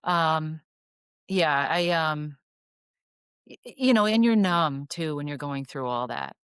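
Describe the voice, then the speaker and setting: Woman podcast guest, low voice, dry close sound, earnest and reflective. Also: animated, slow pace, fairly bright tone, smooth, no room sound. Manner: earnest, thoughtful, many ums. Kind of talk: reflective spiritual conversation.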